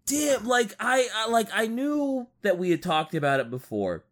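Animated, swearing podcast co-host man. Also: high voice, moderate pace. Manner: animated reactions, swears, says "like" often. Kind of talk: casual chat.

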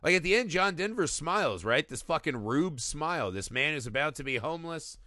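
A man in his thirties talks through a film in a loose, animated way, swearing and slipping into voices for the lines he quotes. His voice is bright, forceful and a bit high. The recording is close and dry. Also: fairly quick, dry recording. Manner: animated, profane, acts out quotes. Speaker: podcast co-host. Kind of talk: casual movie discussion.

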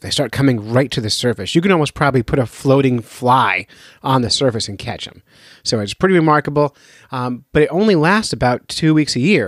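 A man's voice: mid-range voice, no echo, studio quality. A man hosting a fishing podcast in a loose, jokey, rambling way. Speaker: podcast host. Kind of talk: casual podcast talk.

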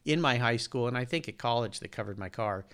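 A man's voice: mid-range voice, quick pace, fairly bright tone, clean tone. A man in his sixties, a podcast host being interviewed, talking earnestly and at length in a casual way. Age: 60s. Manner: earnest, detailed, talks at length.

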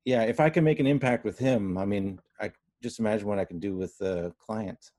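Earnest man, halting and sincere. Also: fairly low pitch, mellow, no room sound, clean studio sound. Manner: earnest, hesitant, many fillers. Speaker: real estate agent, guest. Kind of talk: casual conversation.

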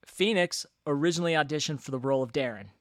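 A chatty man with a slightly high voice, co-hosting a casual movie podcast. He talks fast and laughs easily, recorded dry and close with no room sound. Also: no room sound. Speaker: podcast co-host.

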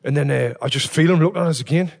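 Animated swearing man telling stories. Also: fairly high pitch, very fast, gravelly. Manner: animated storyteller, swears freely, acts out quotes loudly. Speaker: podcast host. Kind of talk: casual chat.

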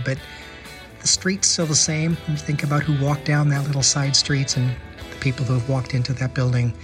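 Chatty American man with faint music. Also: fairly high pitch. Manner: chatty, enthusiastic, repeats words while thinking. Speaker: podcast host. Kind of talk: casual travel podcast monologue.

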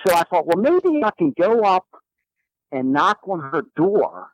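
A man telling a personal story as a guest, in a lively, animated way. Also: sits high, unhurried, dry recording, poor audio. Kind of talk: storytelling in a conversation.

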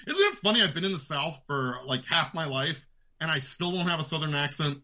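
A man with a New York accent rants about politics as a podcast host, profane and heated. His voice sits fairly high and sounds tense and sharp. The recording is dull and lo-fi. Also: normal speed. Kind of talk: ranting political commentary.

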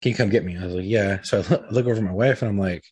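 A man's voice: on the low side, very fast, a little mellow, breathy edge, no room sound. A middle-aged man telling a story in casual, rambling chat, swearing freely and leaning on fillers. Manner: profane, rambling, uses lots of fillers. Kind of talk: casual storytelling among friends.

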